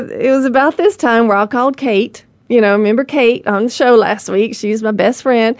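A woman's voice: fairly high pitch, steady tone, moderate pace, few pauses, no room sound. A woman hosting a show, telling a wild personal story in a rambling, candid way full of "you know" and restarts. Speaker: show host. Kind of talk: personal storytelling monologue to an audience.

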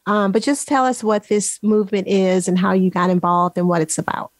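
A woman's voice: mid-range voice, steady tone, brisk, no room sound. Emphatic woman podcast host, dry sound. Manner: emphatic, recaps for listeners, addresses them as folks. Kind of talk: podcast interview.

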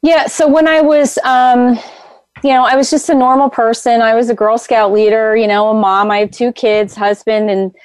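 A middle-aged woman guest telling her story in an animated, rambling way with many fillers. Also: on the high side, normal speed, smooth, no room sound. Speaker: guest, energy healer. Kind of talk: casual interview storytelling.

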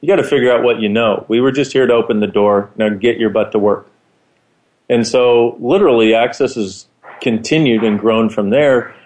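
A man's voice: medium pitch, normal speed, darkish tone. A man co-hosting a casual conversation, eagerly explaining and retelling stories. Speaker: co-host.

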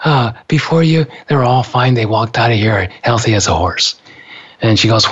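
A man's voice: medium pitch, normal speed, slightly rough. An older man casually telling a personal story, laughing often and acting out the people he quotes. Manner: laughing, animated, acts out quoted voices. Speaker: storyteller recounting his heart attack. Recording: dull lo-fi recording.

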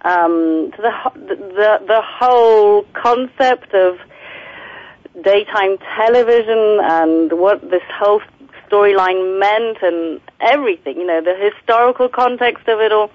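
A woman calling in to a talk show, laughing easily and pausing with ums. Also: medium pitch, no room sound, highs cut off. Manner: warm, laughing, hesitant with ums. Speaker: actress guest. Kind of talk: casual phone-in chat.

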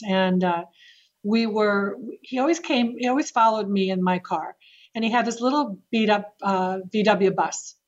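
Woman, real estate guest, lively anecdotal teller, laughs a lot; muffled lo-fi track. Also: mid-range voice. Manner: animated, with laughs and restarts. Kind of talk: casual storytelling interview. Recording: dull lo-fi sound.

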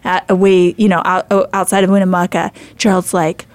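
A woman's voice: on the low side, level tone, fairly quick, dry recording. A middle-aged woman hosting a faith show, telling a story in a chatty, rambling way with many fillers and restarts. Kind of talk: casual storytelling.

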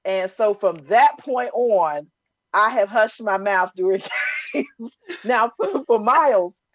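A middle-aged woman chatting casually, telling animated stories and acting out the voices of other people. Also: medium pitch, takes it slowly, a little hiss or hum. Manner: animated storytelling, acts out voices. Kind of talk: casual chat.

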